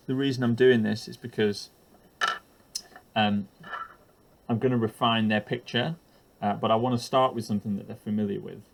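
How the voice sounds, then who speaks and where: A man's voice: fairly low pitch, fairly even intonation, moderate pace, vocal fry, long pauses. A man explaining a chemistry lesson for teachers while drawing, hesitant with frequent ums and uhs and the odd self-deprecating aside.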